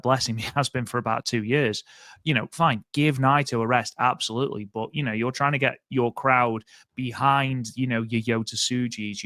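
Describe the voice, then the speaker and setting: A man's voice: medium pitch, fairly bright tone, no room sound, studio quality. A man co-hosting a casual podcast, chatty and rambling, with many fillers and restarts. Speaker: podcast co-host.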